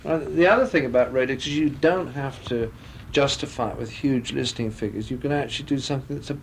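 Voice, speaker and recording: A man's voice: mid-range voice, fast, slight background noise. A man talking as a guest in a radio interview, telling chatty anecdotes into a studio microphone.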